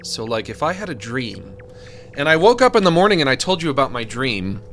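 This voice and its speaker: A man's voice: medium pitch, sing-song, brisk, fairly bright tone. A man streaming a game, rambling and joking as he talks to himself and to his chat. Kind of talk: casual live-stream commentary. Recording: game music behind the voice. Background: game music.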